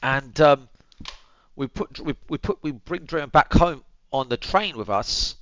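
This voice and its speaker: A man's voice: a little high, expressive, unhurried, fairly bright tone, muffled recording. A young man, telling a story to his viewers in casual chat, swearing freely and calling them boys and bro, muttering asides while he tends his dog. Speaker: streamer.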